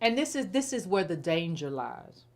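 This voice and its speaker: A woman's voice: lowish voice, sing-song, normal speed. A middle-aged woman commentator giving blunt, repetitive, exasperated criticism in casual, informal speech. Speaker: political commentator.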